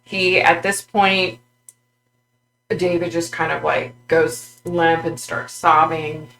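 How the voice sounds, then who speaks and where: Halting, gravelly woman vlogger. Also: deep voice, level tone, fairly bright tone, soft background music, poor audio. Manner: halting, full of fillers and restarts. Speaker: psychic vlogger. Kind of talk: recounting a psychic vision.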